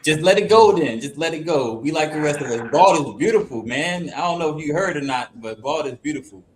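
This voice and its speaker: A man's voice: on the high side, animated, brisk, a little hiss or hum. A man hosting a casual podcast, trading teasing banter and laughing often. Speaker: podcast host.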